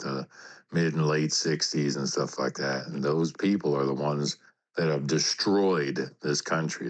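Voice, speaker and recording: Super deep voiced guy ranting about politics, rambly, emphatic. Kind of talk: casual political chat.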